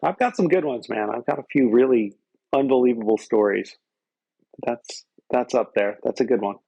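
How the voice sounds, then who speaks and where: A man's voice: mid-range voice, normal speed, vocal fry, mellow, slightly rough, no room sound, highs cut off. A man and guest musician telling loose, profane anecdotes in casual conversation on a close microphone. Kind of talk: casual storytelling.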